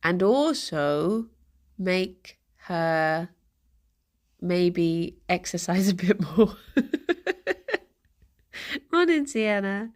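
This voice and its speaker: A woman's voice: on the low side, animated, very slow, long pauses. A young woman chatting casually on a live stream, rambling and giggling often as she reads the chat aloud.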